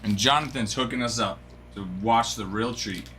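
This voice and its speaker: A man hosting a live card-opening stream, chatting excitably and breaking into yells of delight. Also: medium pitch, normal speed, a little hiss or hum.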